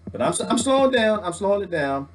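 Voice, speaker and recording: A man rants on a livestream in a jokey, preachy way, swinging from loud to hushed. His voice sits a bit high and bounces all over. He sounds wired on coffee. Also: sing-song, brisk, slight background noise. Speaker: vlogger reading live comments. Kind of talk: animated livestream rant.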